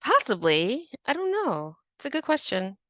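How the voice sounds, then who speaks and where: A woman co-hosting a podcast, reacting playfully with quick comments and agreement. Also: high-pitched, wildly swooping pitch, fairly bright tone, no room sound, clean studio sound. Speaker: podcast co-host. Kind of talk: casual conversational reactions.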